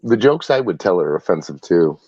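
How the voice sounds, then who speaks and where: A man's voice: low voice, very animated, brisk, a little mellow, breathy edge, no room sound, muffled recording. A man on a casual podcast, self-deprecating and laughing.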